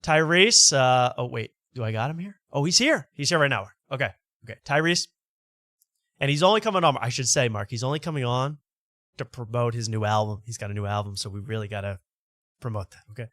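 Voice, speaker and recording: A man's voice: medium pitch, a little fast, fairly bright tone, dry recording, clean studio sound. A man hosting a late-night show, talking in a rambling way that keeps interrupting itself and stumbling over repeated words. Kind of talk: casual late-night monologue.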